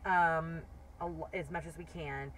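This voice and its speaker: A woman's voice: sits low, fairly even intonation, a little slow, slight background noise. A woman co-hosting a livestream in casual, chatty talk that is full of "like". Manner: chatty, heavy use of "like". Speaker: livestream co-host. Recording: voice a bit far from the mic.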